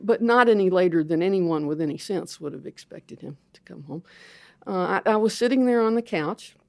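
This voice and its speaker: A woman's voice: fairly low pitch, darkish tone, no room sound. An older woman, a theologian, telling a candid, self-mocking story as an interview guest.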